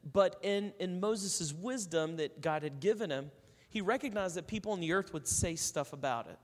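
A man's voice: high-pitched, normal speed, big-room sound. A man preaching a sermon in a conversational way, telling stories and acting out the people in them. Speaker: pastor.

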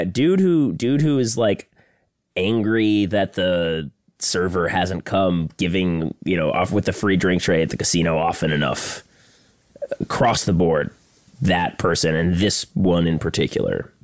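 A man's voice: low-pitched, a little slow, no room sound, clean studio sound. A man hosting a podcast, telling crude jokes and stories in casual chat and acting out people's lines to mock them. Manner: crude, joking, animated retelling with mocking impressions. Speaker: podcast host.

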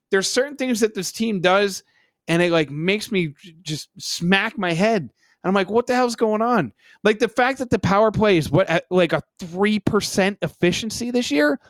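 A man's voice: high-pitched, dry recording, studio quality. A man co-hosting a casual hockey podcast, exasperated and sarcastic as he vents about his team. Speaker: podcast co-host. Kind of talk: casual hockey fan chat.

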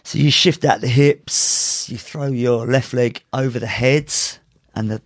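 A gravelly man telling a story. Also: medium pitch, fairly even intonation, a little slow, no echo, clean studio sound. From United Kingdom. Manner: rambling, laughs while telling stories, many restarts. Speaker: podcast guest, martial arts instructor. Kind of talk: casual storytelling.

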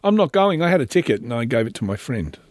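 An Australian man with a mid-range voice hosts a casual solo monologue, talking fast and very animatedly. He's chatty and rambling, constantly interrupting himself and restarting sentences, in a dry, clean studio recording.

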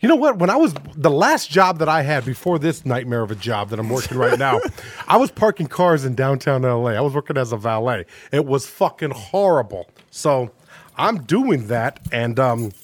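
A man's voice: mid-range voice, lively intonation, normal speed. A man in his forties, a stand-up comedian, telling rambling, profane stories in a casual podcast chat. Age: 40s.

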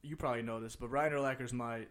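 A young man from the Chicago area hosting a casual chat, telling stories with heavy swearing that gets loud and laughing as they build. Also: mid-range voice, steady tone, fast.

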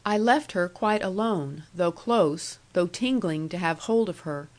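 A woman reading a classic novel aloud in the first person, in a measured, earnest way. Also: lowish voice. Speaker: audiobook reader.

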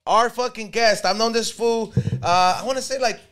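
A man's voice: very high-pitched, moderate pace, fairly bright tone. A man hosting a casual podcast, talking in a rambling way and swearing constantly. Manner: profane, rambling, frequent swearing. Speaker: podcast host. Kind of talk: casual chat.

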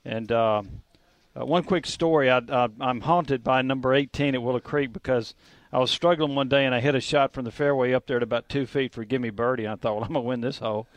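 A man's voice: mid-range voice, steady tone, no echo. A man co-hosting a sports radio show, telling stories in a rambling way full of fillers. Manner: rambling, storytelling, halting fillers. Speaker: co-host. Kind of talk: casual sports radio chat.

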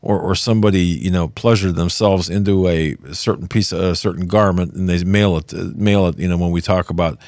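A man hosting a broadcast talk show, emphatic and halting with many fillers. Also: sits low, fairly even intonation, darkish tone, no echo, studio quality. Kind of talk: broadcast interview chat.

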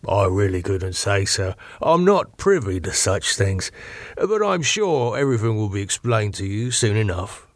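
Man doing a polite bodyguard, deferential, evasive, low, dry close sound. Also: sing-song, moderate pace, no room sound. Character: polite heavy-set male bodyguard, late thirties.

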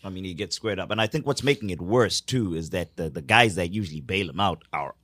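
A man weighs in on a football podcast in a calm, measured way. His voice is low, and the recording is dry. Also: dry recording. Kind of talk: football discussion.

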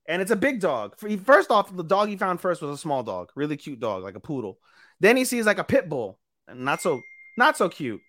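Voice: mid-range voice, fairly bright tone. Profane, rambling podcast storyteller. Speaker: podcast co-host. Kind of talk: casual chat recapping an anime.

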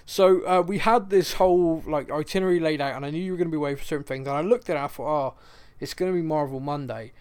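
A man's voice: on the high side, fast, clean tone. A man with a Bristolian accent co-hosting a podcast, chatting casually and telling a story with lots of laughs. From Bristol, England. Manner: animated storyteller, laughs often. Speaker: podcast co-host. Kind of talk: casual chat.

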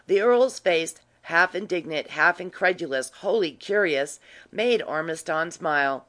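Steady narrator for a classic novel, mid-range voice. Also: mid-range voice, a little slow. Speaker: audiobook narrator.

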